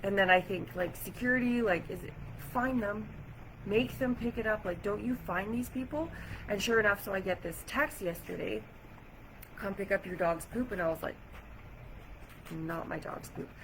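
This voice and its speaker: A woman vlogging to camera, chatty and animated as she retells an irritating day, with lots of "like". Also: medium pitch, normal speed, background noise. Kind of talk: casual storytelling to camera. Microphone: camera or phone mic.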